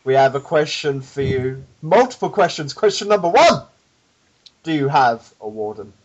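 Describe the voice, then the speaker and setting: A man's voice: mid-range voice, animated, normal speed, darkish tone, highs cut off. A British man co-hosting a podcast in casual chat, laughing often between his words. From Britain. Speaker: podcast co-host.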